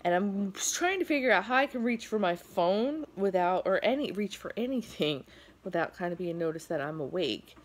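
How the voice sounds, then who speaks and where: A woman's voice: medium pitch, animated, moderate pace. A tired middle-aged woman vlogging from home, telling a rambling story with lots of fillers. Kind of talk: casual storytelling vlog.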